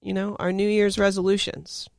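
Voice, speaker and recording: A woman's voice: medium pitch, level tone, moderate pace, creaky, a little mellow, no echo, clean studio sound. A woman hosting a podcast in casual chat, playful and bubbly with a sing-song delivery. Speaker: podcast host.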